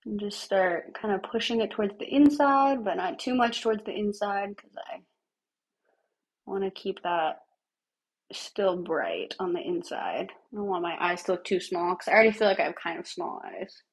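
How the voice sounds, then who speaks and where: A woman talking through her makeup on a livestream, her voice gravelly and raspy like a smoker's from a cough that hangs on. She chats casually and thinks out loud as she works, her pitch sitting at a mid level. Now and then she drops almost to a whisper. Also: normal speed. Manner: chatty, thinks aloud while working, drops to near-whispers. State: lingering cough. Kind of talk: casual makeup tutorial chat.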